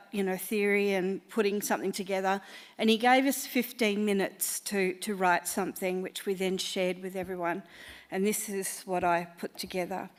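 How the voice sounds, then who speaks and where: A woman chatting before reading her own poem. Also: medium pitch. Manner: chatty, self-deprecating. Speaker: amateur poet.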